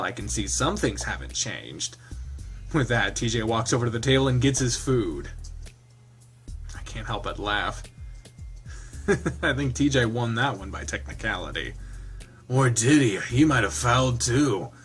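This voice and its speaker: A man's voice: medium pitch, a little slow, pauses often, a bit bright, soft background music. Man casually reading a game aloud. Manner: casual, laughing, swearing asides. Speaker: visual novel reader. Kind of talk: reading a visual novel aloud with commentary.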